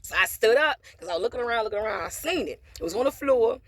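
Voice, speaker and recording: A woman's voice: fairly high pitch, animated, fast, a bit bright. A woman vlogger telling a personal story in a casual monologue, blunt and profane, with preachy asides about faith.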